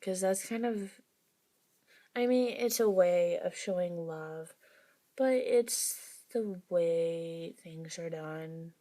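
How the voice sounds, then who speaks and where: A woman's voice: on the low side, slow, warm tone. A woman vlogger talking casually to her viewers, rambling with wry asides. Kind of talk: casual monologue to camera.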